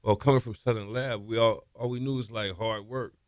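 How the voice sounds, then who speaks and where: A man, a former quarterback, telling stories in a radio interview, relaxed and trailing off softly. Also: lowish voice, brisk, dry recording, clean studio sound. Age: 50s. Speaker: former college quarterback guest. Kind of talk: interview storytelling. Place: radio studio.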